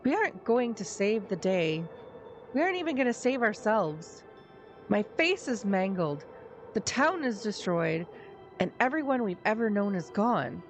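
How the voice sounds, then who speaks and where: A woman's voice: mid-range voice, sing-song, a little slow, soft background music. A woman streamer reading the lines of a bitter, sarcastic boy from a story game, blunt and slangy. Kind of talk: game dialogue read aloud.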